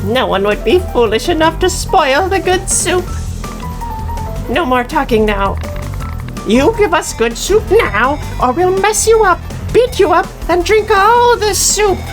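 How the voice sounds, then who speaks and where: A woman voicing a rowdy gang of tiny fairies who bully and threaten in shrill, bratty tones. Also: lively intonation, unhurried, over music. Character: rowdy little fairy gang, greedy soup bullies.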